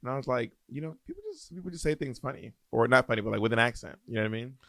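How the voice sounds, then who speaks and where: A man's voice: medium pitch, rapid-fire, vocal fry, fairly bright tone, no echo. A man from Georgia co-hosting a podcast, arguing his point in rambling casual banter with many restarts. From Georgia, USA. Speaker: podcast co-host.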